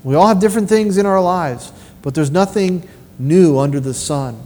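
A man preaching a sermon with personal testimony, telling stories in an animated way and asking rhetorical questions. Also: high voice, normal speed. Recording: long reverb of a large hall.

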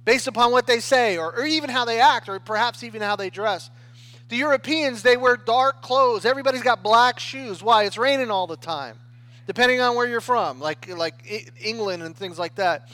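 A man with a high voice delivers a sermon in an easy, conversational way. He talks the way people do in everyday speech, restarting phrases and often pausing to check in with his listeners. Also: sharp tone, no echo. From United States. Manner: conversational preaching with frequent "right?" and restarts. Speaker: pastor.

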